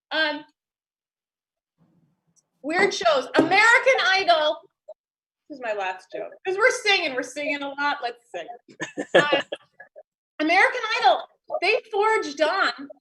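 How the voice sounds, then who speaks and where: Giggly high-voiced woman comedian. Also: sharp tone. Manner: giggly, self-deprecating. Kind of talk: stand-up comedy over video call. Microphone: video call.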